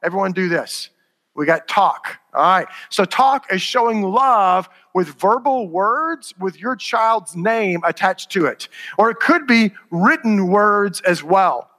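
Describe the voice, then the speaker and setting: A middle-aged man with a high, bright voice gives a chatty conference talk to parents, often asking if it makes sense. His voice rings out with a long reverb in a large hall. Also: lively intonation, takes it slowly. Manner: conversational, asks the audience if it makes sense. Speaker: conference speaker.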